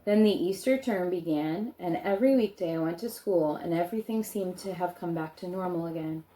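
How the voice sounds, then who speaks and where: A woman's voice: fairly low pitch, brisk, mellow. A woman reading a children's book aloud, stopping now and then to add chatty comments of her own. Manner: chatty asides between read passages.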